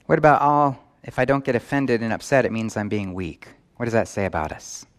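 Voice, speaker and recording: Speaking briskly in a mid-range voice, a male pastor gives a sermon at a church in New York. He repeatedly puts questions to those listening.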